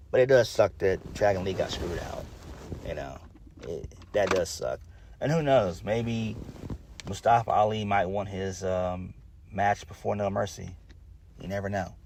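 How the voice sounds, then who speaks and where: A man's voice: low voice, a little mellow, slight background noise. A man giving a casual spoken review, rambling with lots of fillers and restarts, blunt and swearing now and then. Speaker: wrestling reviewer.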